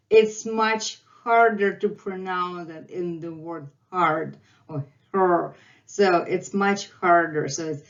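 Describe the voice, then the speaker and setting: A woman's voice: mid-range voice, lo-fi sound. A woman teaching a language lesson, patiently repeating each sound several times. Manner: patient, drawn-out repetition of sounds. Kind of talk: slow alphabet lesson with repetition.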